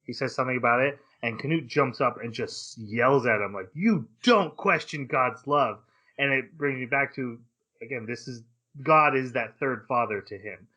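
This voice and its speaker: A man co-hosting an anime podcast in casual chat, excitable and quick to laugh, often stumbling into restarts. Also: medium pitch. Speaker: podcast co-host.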